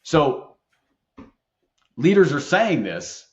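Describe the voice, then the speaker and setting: This middle-aged man's voice is a little high and a little mellow, with a sing-song lilt and an extremely slow pace, and the highs are cut off. An employment attorney and leadership expert, he tells stories earnestly and emphatically as a guest in a conversational podcast interview.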